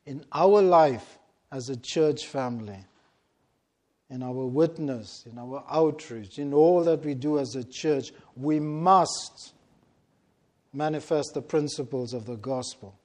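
A man preaching a sermon, slow and deliberate, stressing key words with long pauses. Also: medium pitch, darkish tone.

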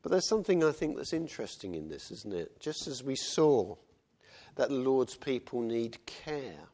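A man's voice: fairly low pitch, darkish tone. Man preaching a conversational sermon. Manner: conversational, with tag questions and acted quotes.

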